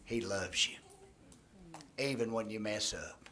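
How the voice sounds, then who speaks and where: A man preaching a sermon into a microphone in a church, swinging from shouting to hushed near-whispers. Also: on the low side, unhurried. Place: church sanctuary. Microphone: handheld or stand microphone.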